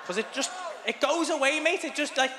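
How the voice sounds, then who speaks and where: A man's voice: very high-pitched, a little fast, background noise. A man doing a sweary stand-up routine on a comedy club stage, bantering with the crowd. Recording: live club room with reverb and faint ambience.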